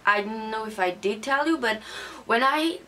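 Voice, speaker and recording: A woman's voice: fairly high pitch, moderate pace, pushed and bright. Angry young woman ranting to camera. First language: not English. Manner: angry, swearing rant. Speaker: beauty vlogger. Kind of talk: casual unboxing vlog.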